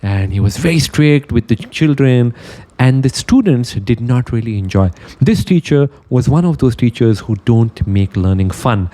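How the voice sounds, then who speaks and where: A man with a mellow, warm voice delivering a motivational talk as an animated storyteller. He narrates a parable and slips into its characters' voices before drawing the lesson out to his audience. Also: medium pitch. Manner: animated storyteller, acts out quotes. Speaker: motivational speaker.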